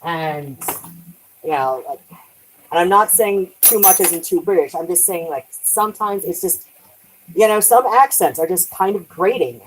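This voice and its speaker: A woman's voice: on the low side, lively intonation, a little slow, a little hiss or hum, low-quality recording. A woman chatting casually on a live stream while doing dishes at home, rambling, trailing off and swearing lightly.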